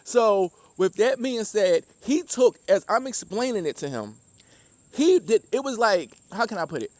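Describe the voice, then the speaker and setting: A Southern man speaks in a high, earnest voice, giving personal testimony and often restarting his sentences. The sound is dry and close. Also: sing-song, unhurried, darkish tone, dry recording. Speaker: former deli worker giving testimony.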